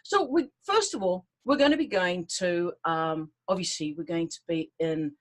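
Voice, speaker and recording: A woman's voice: fairly low pitch, expressive, normal speed. A middle-aged woman hosting, chatting enthusiastically and informally about an upcoming tour, with many fillers and restarts. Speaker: tour host. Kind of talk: casual promotional talk to camera.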